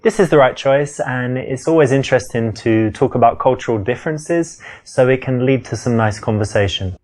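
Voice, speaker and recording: A man playing a smooth British charmer. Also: medium pitch, normal speed, a little mellow, natural voice. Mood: relaxed charm. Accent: British English, London. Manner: confident, chatty and smooth. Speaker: dating coach in a video game. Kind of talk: scripted game dialogue and coaching voice-over.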